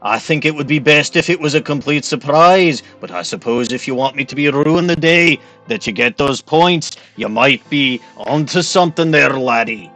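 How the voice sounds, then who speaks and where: A man's voice: fairly high pitch, moderate pace, hardly any pauses, pushed and bright, soft background music. A man doing a put-on Scottish accent, playing a hot-tempered, boozy Scotsman with tarot magic, rolling his words and dropping in "laddie" and "aye". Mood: blustery. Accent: put-on Scottish accent, admittedly poor. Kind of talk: let's-play character voice.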